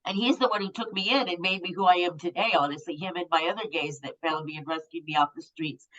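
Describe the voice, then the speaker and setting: A woman's voice: fairly low pitch, fast talker, a bit bright, dull audio. A woman in her fifties, a guest telling a personal story in a blunt, raw and profane way. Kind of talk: candid storytelling.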